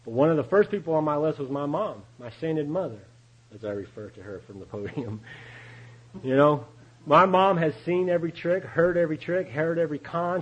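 Husky middle-aged man telling his recovery story. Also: fairly high pitch, dull audio. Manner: folksy, confessional, often laughing, acts out quoted voices. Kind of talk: AA speaker talk, storytelling.

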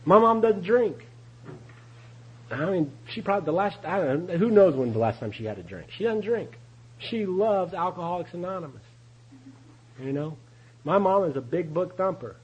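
A man's voice: sits high, lively intonation, moderate pace, pauses often, husky, highs cut off. A middle-aged man telling his recovery story at a meeting in a folksy, confessional way, often laughing as he acts out what others said. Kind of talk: AA speaker talk, storytelling.

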